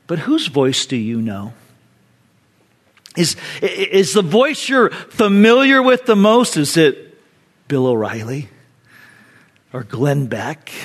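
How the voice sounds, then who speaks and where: A pastor in his fifties preaching a sermon, with a fairly high voice for a man. He tells stories in an animated, conversational way, addressing the congregation directly.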